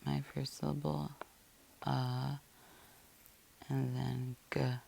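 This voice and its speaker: Slow gravelly-voiced woman teaching phonics. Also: very deep voice, level tone, dark tone, a little hiss or hum. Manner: patient, methodical, spells words out letter by letter. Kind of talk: slow phonics lesson, syllable by syllable.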